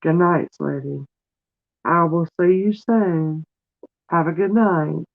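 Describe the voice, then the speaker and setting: A woman's voice: lowish voice, takes it slowly, vocal fry. A middle-aged woman chatting on a live stream, tearful and calling viewers honey. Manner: warm, calls viewers honey and sweetie. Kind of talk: casual live-stream chat. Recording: tinny phone-like sound.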